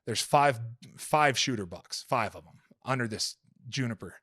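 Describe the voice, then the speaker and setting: A man's voice: medium pitch, lively intonation, normal speed, pushed and bright, dry recording. Swearing, rambling male storyteller, dry sound. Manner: profane, rambling storyteller with many fillers. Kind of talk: casual podcast conversation.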